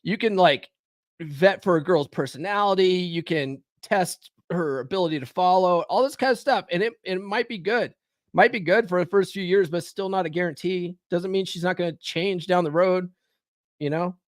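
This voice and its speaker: A man's voice: high voice, normal speed, no room sound, studio quality. A man hosting a live stream podcast, talking animatedly with frequent swearing and "okay?" tags. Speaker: podcast host. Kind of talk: live stream commentary and book reading.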